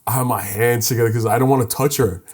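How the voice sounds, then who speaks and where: A man's voice: medium pitch, fairly even intonation, fast, darkish tone. A young man co-hosting a podcast, telling a story in casual chat and swearing freely. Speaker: podcast co-host.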